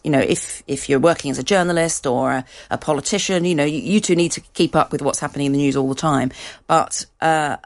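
A woman speaking as an interview guest, explaining research in a measured, conversational way. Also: deep voice. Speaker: guest expert.

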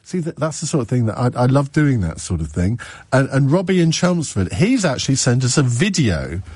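A man's voice: mid-range voice, big pitch swings, fairly quick, darkish tone, breathy edge, no room sound. A man hosting a radio phone-in, chatty with stumbling restarts. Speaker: radio host.

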